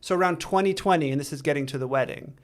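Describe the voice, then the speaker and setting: A man, a podcast guest, telling a personal story in earnest, halting speech with frequent restarts. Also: a little high. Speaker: interview guest. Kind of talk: candid storytelling in a recovery interview.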